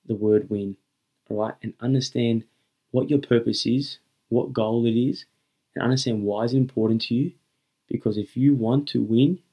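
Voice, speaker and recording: Earnest young man, mellow voice. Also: mid-range voice. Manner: earnest, emphatic and repetitive, addressing listeners as guys. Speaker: podcast host. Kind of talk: motivational podcast monologue.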